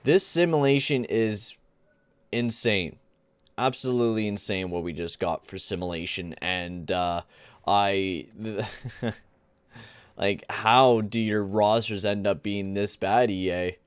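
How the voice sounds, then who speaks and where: A man's voice: on the low side, slow, clean tone, dry recording. Exasperated young man ranting over a game. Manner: exasperated, rambling, slangy. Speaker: gaming channel host. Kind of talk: casual gameplay commentary.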